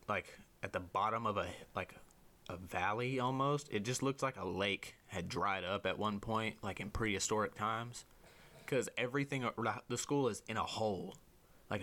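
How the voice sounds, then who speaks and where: A young man talks in a slightly low voice, spinning a rambling, profane story for his guest. He jumps into higher voices for the people he quotes and keeps the telling lively and loose. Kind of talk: casual storytelling chat.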